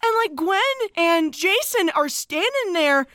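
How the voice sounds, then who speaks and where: A woman co-hosting a casual film recap podcast, excitable and giggly, retelling scenes dramatically. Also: extremely high pitch, unhurried, no room sound, clean studio sound. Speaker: podcast co-host.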